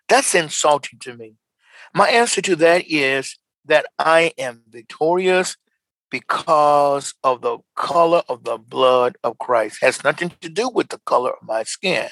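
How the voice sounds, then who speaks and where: A man's voice: a little high, fairly bright tone, no room sound, low-quality recording. A man preaching a sermon emphatically, repeating key lines and calling on listeners to respond.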